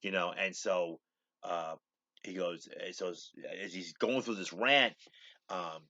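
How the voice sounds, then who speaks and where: A man's voice: low voice, a little slow, bright, forceful tone, muffled recording. A man hosting his own show, retelling a TV episode in a rambling casual way and repeating "he goes" a lot. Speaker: show host.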